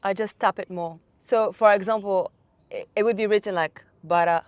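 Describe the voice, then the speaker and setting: A woman's voice: medium pitch, steady tone, moderate pace, no room sound. A woman with a British accent, a guest in a language lesson, answering casually in short, understated phrases. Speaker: guest speaker. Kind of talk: casual explanatory chat.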